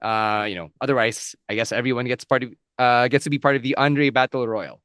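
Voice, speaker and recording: A man co-hosting a wrestling podcast, quick and joking, moving the chat to the next topic. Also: medium pitch, fairly even intonation, fairly bright tone, clean tone, no room sound, clean studio sound. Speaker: podcast co-host. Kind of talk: casual chat.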